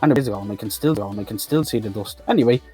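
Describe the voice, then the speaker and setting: A man's voice: fairly low pitch, racing, mellow, husky, faint music behind. A man giving a profane, mocking comic recap of a film as a reviewer. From Ireland. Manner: sweary, ranting, mocking.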